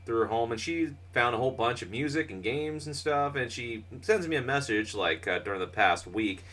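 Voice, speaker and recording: A man's voice: medium pitch, lively intonation, moderate pace, fairly bright tone, far from the mic, slight background noise. Rambling, laughing male co-host, off-mic. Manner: rambling, laughing, swears freely. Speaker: podcast co-host. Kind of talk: casual chat.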